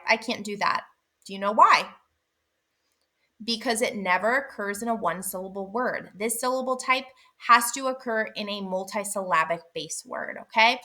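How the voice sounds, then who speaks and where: A woman teaching other teachers about syllable types, patient and clear, sounding out word parts slowly and asking rhetorical questions. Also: fairly high pitch, sharp tone. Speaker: literacy teacher trainer. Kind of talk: instructional explainer video.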